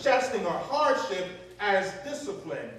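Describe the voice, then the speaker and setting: A man preaching a call-and-response sermon, animated, stopping so the congregation fills in the words. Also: high voice, a little slow. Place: church sanctuary with congregation. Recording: echoey church from far off, crowd.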